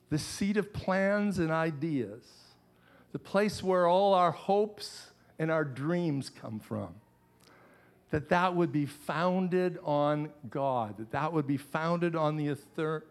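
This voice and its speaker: A middle-aged man, a pastor, preaching a sermon in church with earnest, repeated phrases. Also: fairly high pitch.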